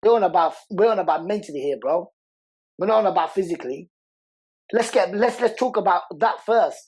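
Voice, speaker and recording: A man speaks as a podcast guest in an emotional interview conversation, his high-pitched voice carrying a breathy edge over a low-quality recording. He is earnest and raw with passionate conviction. He repeats words again and again to drive his points home, sounding heartfelt and unrehearsed.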